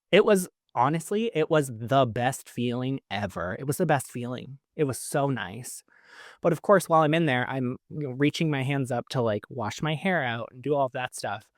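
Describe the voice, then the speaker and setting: A man from Canada hosts a podcast, casually telling a personal story full of "like" fillers, with laughs between lines. His voice is medium-pitched, and the recording is clean studio sound without echo.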